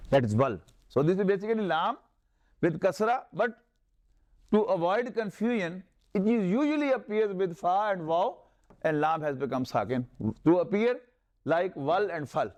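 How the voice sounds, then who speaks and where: A man's voice: sits high, very animated, normal speed, darkish tone. A man with a Pakistani accent teaching Arabic grammar in a classroom lecture, explaining step by step, repeating terms and reciting verses.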